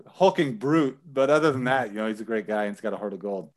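A man's voice: fairly low pitch, animated, quick pace. A man co-hosting a podcast, chatting casually and laughing often. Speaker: podcast co-host, store owner. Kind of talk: casual chat.

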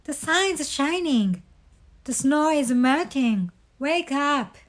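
A woman voicing a cheerful, eager male frog in a storybook read-aloud, calling out brightly. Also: high voice, lively intonation, slow pace, voice pushed up. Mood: excited.

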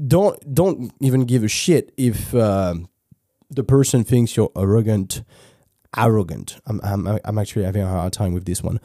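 A man's voice: lowish voice, normal speed, mellow, no echo, studio quality. A man from France with a French accent, hosting a podcast in a casual advice monologue; laid-back, swearing freely and often restarting his sentences. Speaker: podcast host.

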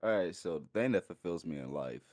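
A man's voice: low voice, lively intonation, fast talker, a little mellow, dry recording. A young man co-hosting a podcast, laid-back and plain-spoken. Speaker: podcast co-host. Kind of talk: casual chat.

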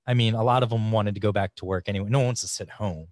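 Easygoing low-voiced podcast host. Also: male voice, rapid-fire, a little mellow, no echo, studio quality. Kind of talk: casual podcast chat.

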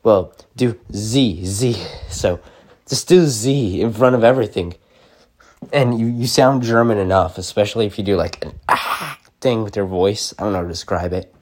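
A man's voice: fairly low pitch, normal speed, darkish tone. A young man rambling casually to camera, full of likes and restarts.

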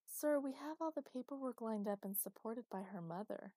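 A woman's voice: fairly high pitch, moderate pace, dark tone, dry recording, pitched above the performer's own voice, natural voice. Brief: official phone voice, courteous but immovable, read by a woman. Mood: formal, stiff. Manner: formal, scripted politeness. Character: polite but stonewalling female camp receptionist.

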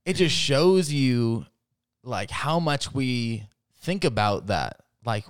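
A man's voice: medium pitch, lively intonation, slow pace, clear, resonant tone, dry recording, clean studio sound. A man talking as a podcast guest in casual chat, rambling with lots of fillers and laughing as he retells stories.

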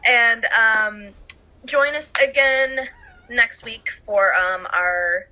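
A woman's voice: on the high side, very slow, pushed and bright. A woman co-hosting a casual podcast, chatting in a giggly, playful way. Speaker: podcast co-host.

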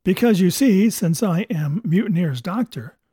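Man reading as a brisk gentleman doctor, crisp educated speech, dry scolding, a bit high and husky. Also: animated, no room sound, exaggerated voice. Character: brisk, fearless male ship's doctor, gentleman.

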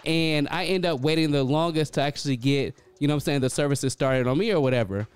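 A man's voice: on the high side, quick pace, smooth, dry recording. A man, telling a casual story in a loose, chatty way full of filler phrases.

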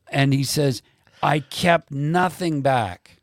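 A man hosting a faith conversation, reading quotes slowly and emphatically like a preacher. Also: on the high side, no room sound, studio quality. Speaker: podcast host.

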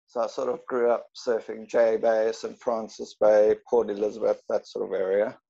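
A man's voice: fairly low pitch, flat delivery, moderate pace, gravelly, mellow, husky, highs cut off. A man from South Africa with a South African accent, a laid-back podcast guest who laughs often. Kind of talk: casual chat.

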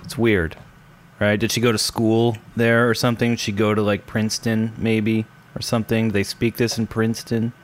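A man's voice: on the low side, little pitch movement, moderate pace, a little hiss or hum. A man hosting a casual chat, cracking jokes and bantering with his guests. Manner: wisecracking, joking banter. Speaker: podcast host.

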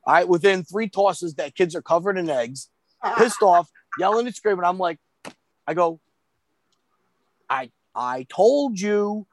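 A man telling a story in casual chat, animated and profane, acting out the voices of the people he quotes. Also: high voice, normal speed, a little hiss or hum.

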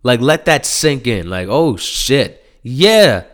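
A man hosting a solo podcast, ranting in a heated, profane way and often getting louder. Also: medium pitch, very animated, slow. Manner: profane, heated, swings into loud mocking impressions. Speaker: podcast host.

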